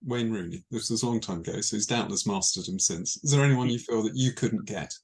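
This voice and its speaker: A man's voice: on the low side, fairly quick, gravelly, breathy edge. A man interviewing a guest, asking conversational, admiring questions. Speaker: interviewer, journalist.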